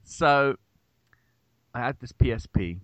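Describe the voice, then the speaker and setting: A young man co-hosting a podcast, telling an animated, swearing story in casual chat. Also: mid-range voice, slow pace, no room sound, highs cut off. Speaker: podcast co-host.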